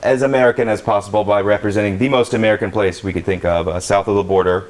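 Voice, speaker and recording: A man's voice: lowish voice, fairly even intonation, fast. A man hosting a live comedy game show, upbeat and joking. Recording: loud live audience and noise. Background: loud audience laughter and noise.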